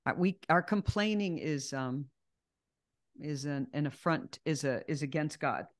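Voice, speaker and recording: An earnest woman leads a Bible study in a slightly low voice. She talks emphatically and drives her points home by repeating them. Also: expressive, a little slow.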